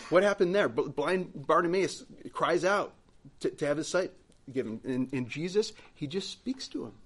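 A man's voice: fairly high pitch, animated, normal speed, slightly rough. A man preaching a sermon in a conversational way, often posing rhetorical questions and repeating his words. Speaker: pastor.

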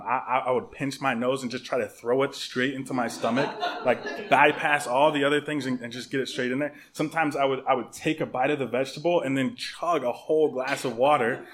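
A man delivers a sermon in a lively, humorous storytelling manner, talking to his congregation. He speaks conversationally and often restarts or repeats words. His voice sits at an ordinary, middle pitch. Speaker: pastor.

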